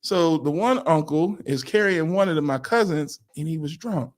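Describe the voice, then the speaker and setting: Male co-host, lively storyteller with sound effects, pitch high and swinging wide. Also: moderate pace. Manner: laughs often while talking. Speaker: podcast co-host. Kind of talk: casual storytelling chat.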